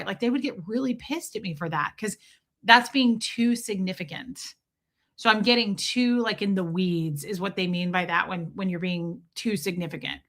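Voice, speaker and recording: A woman's voice: mid-range voice, moderate pace, a bit bright. A woman hosting a casual livestream, talking to viewers in a chatty, rambling way with many restarts. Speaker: YouTube livestream host. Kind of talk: casual livestream chat, reading viewer comments.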